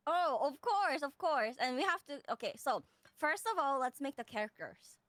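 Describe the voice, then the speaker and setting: A woman co-hosting a casual stream chat, laughing often and talking in an animated way. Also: high-pitched, normal speed, dry recording. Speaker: streamer co-host.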